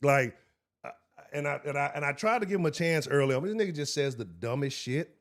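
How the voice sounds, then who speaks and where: Animated, profane man hosting a sports stream. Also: on the high side, brisk. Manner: profane, heated and animated, talks to chat directly. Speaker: sports show host. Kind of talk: live-stream sports talk.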